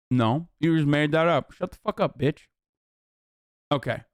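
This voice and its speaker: A man's voice: on the high side, a little slow, long pauses, clean tone, no echo, clean studio sound. A man hosting a livestream, reacting in casual, profane, heated commentary with a mocking edge. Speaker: streamer host.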